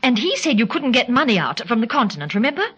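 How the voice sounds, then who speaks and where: A spirited spy companion. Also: female voice, fairly high pitch, big pitch swings, fast, fairly bright tone, husky, muffled recording, heavily acted. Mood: lively. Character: spirited young woman companion on a spy mission. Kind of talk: 1940s radio acting.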